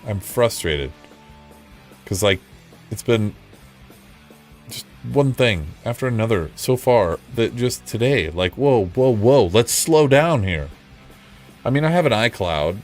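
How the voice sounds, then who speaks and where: A man's voice: lowish voice, expressive, takes it slowly, pauses often, a little mellow, soft background music. A man streaming casually, rambling and frustrated, mocking himself as he chats with viewers. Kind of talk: casual live-stream chat.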